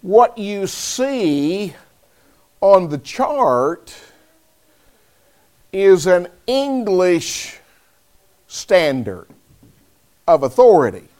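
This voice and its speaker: A man preaching a sermon, speaking deliberately and calling on listeners by name. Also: sits high, big pitch swings, darkish tone.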